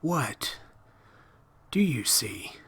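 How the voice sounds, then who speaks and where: A man's voice: mid-range voice, sing-song, drawn-out words, fairly bright tone, husky, full character voice. A man voicing a shaken male police detective who speaks tensely and pleads.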